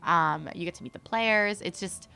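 A woman, a guest and former cheerleader, telling stories in a chatty, animated way with many fillers. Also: fairly low pitch, moderate pace, vocal fry, clear, resonant tone. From Canada. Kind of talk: casual chat, storytelling.

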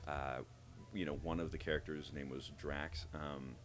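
Male voice actor, very low voice, animated interview guest who acts out his examples. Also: moderate pace. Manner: animated, explains by demonstrating voices. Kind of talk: interview conversation.

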